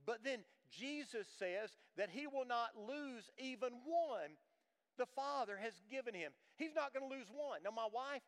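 A man's voice: extremely high pitch, animated, normal speed. An older man preaching a sermon as pastor, emphatic and folksy, mixing scripture with homespun stories. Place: church sanctuary. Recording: long reverb of a large hall.

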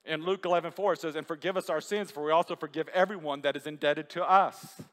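In a church hall with a big-room sound, a pastor with a slightly high voice talks at a quick pace while keeping a steady tone. His sermon is conversational, full of questions posed to the congregation.

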